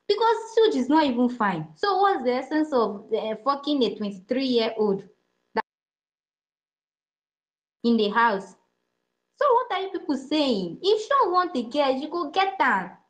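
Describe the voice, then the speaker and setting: Brief: high-pitched Nigerian woman, heated opinion rant, hammers each point home. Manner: heated, emphatic, repetitive. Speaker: speaker in an online audio chat.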